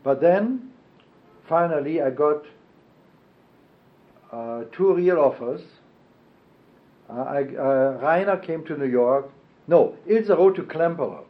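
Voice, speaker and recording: Older man reminiscing, halting. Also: fairly high pitch, lively intonation. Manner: halting, many fillers and self-corrections. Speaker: oral history interviewee. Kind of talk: reminiscing oral history interview. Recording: dull lo-fi archival tape.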